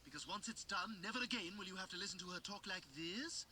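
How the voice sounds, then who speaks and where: A man's voice: high voice, quick pace, sharp tone, slight background noise. An actor playing an exasperated cartoon man, heard faintly as a clip played from a speaker.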